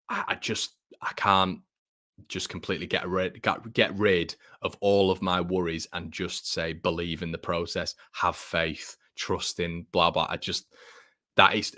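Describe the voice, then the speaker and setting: A man's voice: deep voice, pushed and bright, no echo, clean studio sound. A young man hosting a casual live stream, reading out comments and chatting with fillers and restarts. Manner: chatty, frequent restarts and fillers, says mate a lot. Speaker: fan channel host reading live chat.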